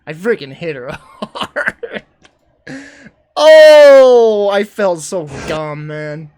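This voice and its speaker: Rambling man with a higher voice. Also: fairly bright tone, no echo. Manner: rambling, self-deprecating, quick to exclaim. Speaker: streamer. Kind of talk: casual commentary over old travel videos.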